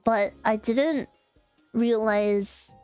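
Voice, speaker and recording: A woman's voice: a little high, drawn-out words, a little mellow, clear, resonant tone, faint music behind. A young woman streamer telling a story in casual chat, rambling with lots of fillers and restarts.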